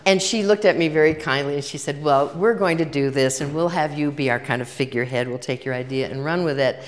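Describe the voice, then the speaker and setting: An older woman with a low voice talks a little fast as she gives a workshop in a large hall to a live audience. She's conversational, telling stories and performing both halves of the dialogue, and the room lends a long reverb.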